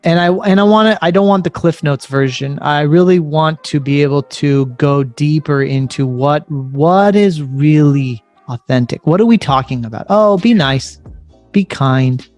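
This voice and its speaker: A man hosting a podcast interview, earnest and probing, restating his questions to dig deeper. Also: normal speed, hardly any pauses, a little mellow, soft background music. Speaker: podcast host.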